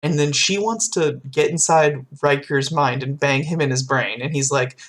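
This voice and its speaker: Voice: mid-range voice, normal speed, few pauses. A podcast co-host rambling through a TV episode recap in casual chat, swearing and quoting characters.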